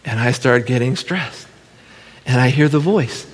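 A man's voice: mid-range voice, measured pace, slightly rough. A middle-aged man giving an emotional testimony to a church congregation, telling his story with feeling and frequent laughter. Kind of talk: testimony sermon. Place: church sanctuary. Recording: long church hall reverb.

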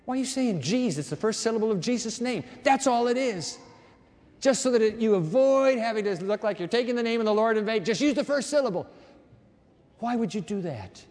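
A man preaching a sermon, reading Bible verses and breaking off into emphatic, animated asides. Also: high voice, moderate pace. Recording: long reverb of a large hall.

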